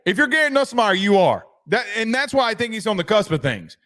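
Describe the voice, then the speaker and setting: A man's voice: sits high, sing-song, a little fast, fairly bright tone. A man hosting a casual sports commentary show, rambling and joking. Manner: rambling, joking, trails off into asides.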